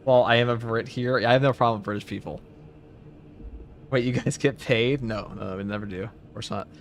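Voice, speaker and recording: A man's voice: mid-range voice, fairly even intonation, fairly quick, a little hiss or hum. A man streaming a game, chatting casually and rambling with jokes and fillers. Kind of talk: casual live-stream chat over gameplay.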